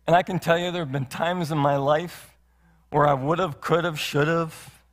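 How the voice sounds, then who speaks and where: A male pastor with a voice on the high side preaches at normal speed in a steady tone. His sermon in the church sanctuary is earnest, rich in rhetorical questions and repeated phrases, and the recording has long hall reverb.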